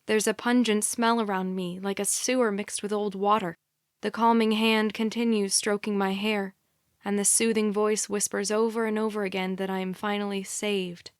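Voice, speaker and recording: A woman narrating a young adult thriller audiobook in a quiet, measured first-person reading. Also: medium pitch, flat delivery, clean tone, no echo, studio quality. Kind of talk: scripted narration.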